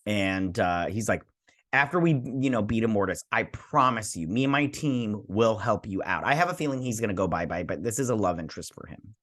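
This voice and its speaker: A man's voice: on the low side, expressive, a bit bright. A man hosting a TV review show, recapping an episode in casual, rambling chat with self-deprecating asides. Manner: quickly acts out characters' lines. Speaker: TV review host.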